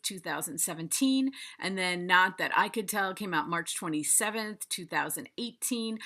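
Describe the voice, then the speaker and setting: An enthusiastic woman reviews a favorite book in a casual vlog, speaking directly to her viewers. Her voice sits slightly low yet rings bright and forceful. She gushes, repeating her praise in quick bursts.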